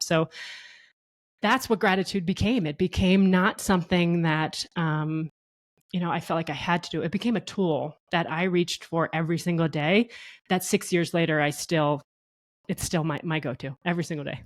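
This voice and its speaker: A woman in her thirties, a podcast guest, telling her story in lively conversation and acting out what people said. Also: fairly low pitch, normal speed. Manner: animated, laughs often, acts out quotes. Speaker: guest, co-founder.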